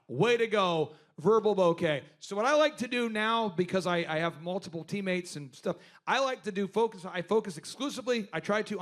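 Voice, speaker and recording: A man's voice: high voice, a bit bright. A man in his forties hosting a business workshop, telling stories to a live group and acting out other people's lines with animation.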